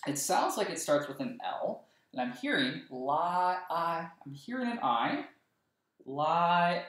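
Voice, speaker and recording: A male kindergarten teacher leading a writing lesson for young children, slowly sounding out words letter by letter. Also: a little high, big pitch swings, a bit bright. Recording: roomy echo, voice a bit far from the mic.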